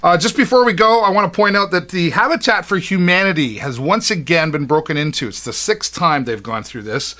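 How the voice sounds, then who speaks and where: A man's voice: a little high, fairly quick, hardly any pauses, pushed and bright. A man hosting a local community TV show in a chatty, upbeat way, often saying "all right" and "uh".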